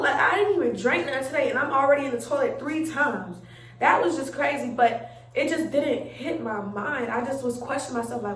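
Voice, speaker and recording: A young woman tells a story in a casual, chatty way, acting out her own reactions. Her voice sits high. She sounds a little away from the mic in a roomy space at home. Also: animated, measured pace, fairly bright tone, distant mic, a little hiss or hum. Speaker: vlogger telling a story.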